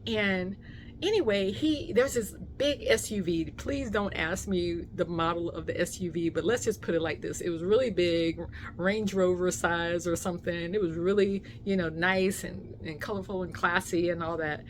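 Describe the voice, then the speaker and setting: A woman vlogger telling a casual story time, animated and full of fillers, acting out what people said. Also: on the low side, moderate pace, slight background noise. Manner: animated storyteller, many fillers, acts out quotes.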